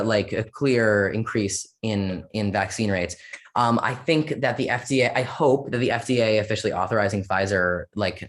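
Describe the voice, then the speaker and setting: Rambling, sarcastic young guest, many fillers. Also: male voice, lowish voice. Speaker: interview guest. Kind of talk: casual podcast interview.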